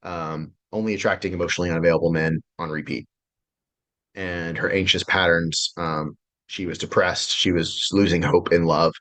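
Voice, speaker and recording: Man with a lowish voice, relationship coach, loose, profane and excitable delivery, video-call sound. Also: moderate pace. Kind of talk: casual online class presentation.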